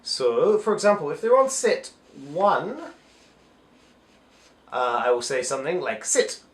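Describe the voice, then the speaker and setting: A man teaching phonics in a casual, step-by-step way, pausing on "so" and "uh" as he explains. His pitch moves freely up and down. He is recorded in a roomy, echoey space on a camera mic. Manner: explains step by step, with many "so" and "uh" fillers. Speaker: English teacher. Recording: echoey room.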